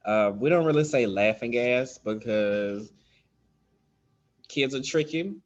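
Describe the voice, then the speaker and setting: A man's voice: mid-range voice, slow pace, lo-fi sound. A man giving a casual spoken lesson on dental terms, loose and chatty with many fillers, acting out how children and staff talk. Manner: loose and conversational, many ums, acts out kid talk. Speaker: dental instructor.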